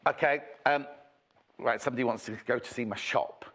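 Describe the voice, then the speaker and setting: Brisk and steady in tone, this man's medium-pitched, fairly bright voice carries a chatty live sales segment on a TV shopping channel. He wanders off on jokey tangents and tosses in lots of asides.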